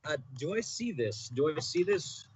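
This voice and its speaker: A man's voice: a little high, big pitch swings, normal speed, noisy background. A man playing in a tabletop game, casual, joking and profane. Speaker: player.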